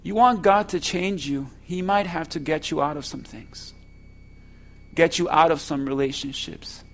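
A man preaching a sermon as pastor, slow and emphatic, asking the congregation rhetorical questions. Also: on the high side.

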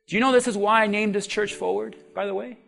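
Male pastor, strikingly high voice, fervent preaching, soft music behind. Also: fairly even intonation, quick pace, vocal fry. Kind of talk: sermon.

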